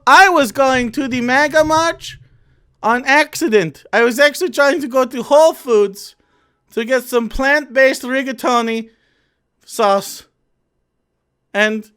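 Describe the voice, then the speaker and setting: A man putting on a meek, simple-minded European parody of a male political commentator, speaking in short, halting, childlike phrases. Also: very high voice, pushed and bright, clear, resonant tone, exaggerated voice. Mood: gentle, silly.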